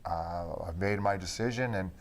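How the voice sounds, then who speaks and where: Low-voiced man reminiscing, full of fillers. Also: moderate pace, slight background noise. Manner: rambling, many fillers of "you know". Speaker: former teammate. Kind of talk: reminiscing conversation.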